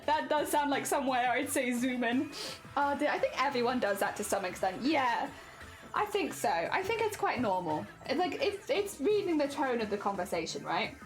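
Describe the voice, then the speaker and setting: High-voiced British woman chatting casually. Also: sing-song, normal speed, soft background music. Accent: standard British. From Hampshire, England. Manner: chatty, rambling, with frequent laughs and restarts. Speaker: streamer. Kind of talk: casual chat while embroidering on stream.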